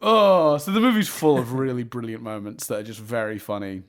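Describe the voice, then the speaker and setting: A man's voice: medium pitch, brisk. A man co-hosting a podcast, chatting casually about a film and laughing as he retells jokes. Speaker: podcast co-host. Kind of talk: casual film review chat.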